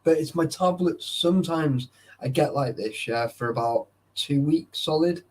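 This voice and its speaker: A man's voice: a little high, a little slow, darkish tone. A young man chatting casually with live viewers, tired and sleepy, swearing often and greeting chatters by name. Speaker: livestreamer.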